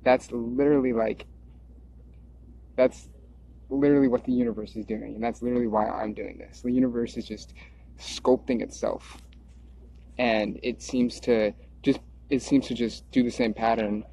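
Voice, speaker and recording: A mellow, husky mid-range voice belongs to a man who is a video creator, speaking steadily at a moderate pace. He rambles in a loose stream of consciousness, repeating himself and circling back. The recording is dull and lo-fi.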